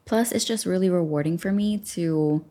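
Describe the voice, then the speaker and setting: A woman's voice: lowish voice, moderate pace, dark tone. A woman hosting a self-help podcast, talking casually into a studio microphone, chatty and affirming, guiding listeners through journaling. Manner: chatty, affirming, acts out her own thoughts. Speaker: podcast host and life coach. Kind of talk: casual guided journaling talk.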